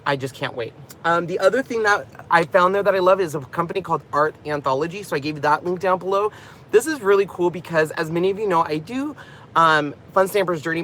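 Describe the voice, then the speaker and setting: Guy rambling on a crafting vlog from his car, kinda high voice, always going off on tangents. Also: fairly bright tone, slight background noise. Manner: chatty, rambling, goes off on tangents; laughs often and jokes about himself. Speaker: crafting channel host. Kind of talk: casual vlog chat.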